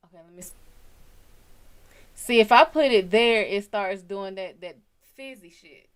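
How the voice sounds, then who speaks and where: A woman's voice: mid-range voice, measured pace, clear, resonant tone. Woman, tarot host on a live stream, casual and profane, chats straight to viewers, desk mic with her voice drifting off it. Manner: loose and chatty, swears freely, talks to viewers by name. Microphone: desk mic, often turned away from it.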